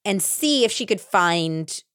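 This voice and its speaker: A woman hosting a true crime podcast, casually retelling a case with animated acted-out quotes and lots of "like". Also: medium pitch, takes it slowly, clear, resonant tone, no echo, clean studio sound. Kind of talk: casual storytelling.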